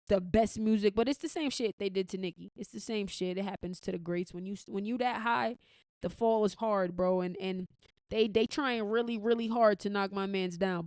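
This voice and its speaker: American woman ranting on her podcast, mid pitch, dry close sound, cusses a lot. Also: darkish tone, no echo. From United States. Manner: opinionated, blunt and profane, with frequent restarts. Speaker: podcast host. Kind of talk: casual commentary.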